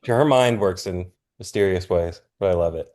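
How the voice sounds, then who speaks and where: A man chatting casually as a podcast guest, laid-back and quick to laugh. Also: sits low, darkish tone. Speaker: punk musician guest. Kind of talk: casual interview chat.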